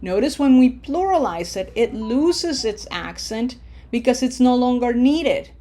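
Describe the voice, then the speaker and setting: Slow, patient woman teaching pronunciation. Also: fairly high pitch, lively intonation, dark tone. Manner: patient, repeats drills step by step, slows down to model words. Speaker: Spanish teacher. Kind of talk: recorded online lesson.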